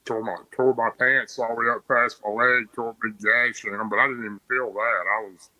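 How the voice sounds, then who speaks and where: Bright dry-voiced man telling a story. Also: medium pitch, little pitch movement, fairly quick, no room sound, low-quality recording. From Tennessee. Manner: plain, rambling storytelling with restarts. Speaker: podcast guest. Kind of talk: casual storytelling.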